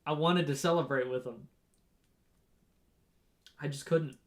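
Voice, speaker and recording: A man's voice: fairly high pitch, fairly even intonation, unhurried. A young man casually telling a rambling story about a race, with frequent "right?" and "um" asides. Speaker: runner on a race team.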